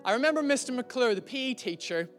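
Pastor guy, highish voice, chatty storytelling sermon, drags out the big points, soft music under. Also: animated. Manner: conversational, slows down to stress key lines. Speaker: preacher.

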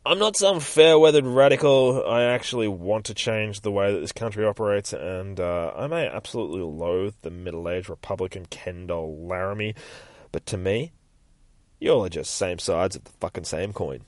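A man's voice: deep voice, normal speed, no room sound, close to an everyday voice. A man voicing a sassy, dismissive young woman rock singer who swears constantly, read aloud from a comic. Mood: annoyed. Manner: profane, dismissive.

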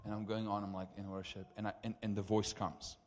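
A man preaching as the preacher, telling stories in an animated, conversational way with many asides. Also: fairly low pitch, fast, a little hiss or hum. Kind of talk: sermon storytelling. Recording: reverberant hall.

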